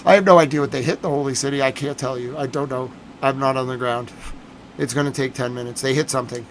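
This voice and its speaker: A man's voice: mid-range voice, steady tone, fast, slight background noise. A man giving live-streamed commentary on breaking news, agitated and emphatic, repeating his points.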